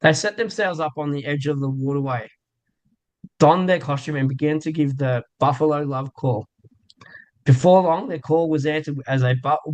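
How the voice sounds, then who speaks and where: A man with an Australian accent co-hosting a sports show, telling a joke and signing off in a steady, measured way. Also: on the high side, rough recording. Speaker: co-host.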